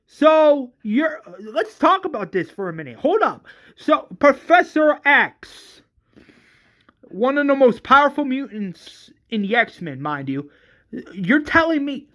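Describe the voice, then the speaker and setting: A movie reviewer ranting in an exasperated, excitable way, stumbling over restarts and swearing often. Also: sits high, takes it slowly.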